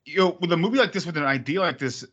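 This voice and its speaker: A man's voice: a little high, lively intonation, very fast, a bit bright, breathy edge. A man chatting casually on a podcast, rambling with frequent restarts and swearing. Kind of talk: casual chat.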